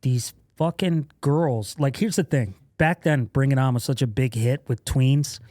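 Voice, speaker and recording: A man in his thirties, a podcast guest, telling stories in a casual, profane way, laughing often and acting out loud quotes. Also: medium pitch, unhurried, no echo, clean studio sound. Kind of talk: casual storytelling.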